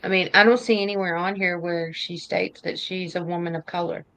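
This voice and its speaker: A woman's voice: fairly low pitch, fairly even intonation, a little fast, a bit bright, poor audio. A woman co-hosting a casual political chat, blunt and opinionated, drawing out her phrases. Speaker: podcast co-host.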